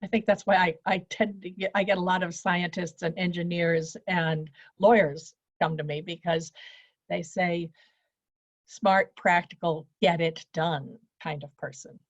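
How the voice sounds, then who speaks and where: A woman's voice: fairly low pitch, flat delivery, moderate pace, no echo, lo-fi sound. Practical woman coaching on presentation skills. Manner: straightforward and practical, teaching in lists. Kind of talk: speaking to an online event.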